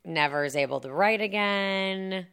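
Here a woman speaks unhurriedly in a mid-range voice that is gravelly yet smooth and fairly bright. She's a podcast co-host giving a casual, sarcastic run-through of a movie's plot, packed with filler words and side comments.

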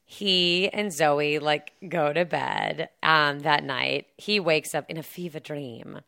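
Low-voiced sarcastic woman. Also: creaky, sharp tone, smooth. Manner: chatty and sarcastic, lots of "like" and laughs, acts out lines in quick put-on voices. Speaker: podcast co-host recapping a film. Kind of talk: casual chat.

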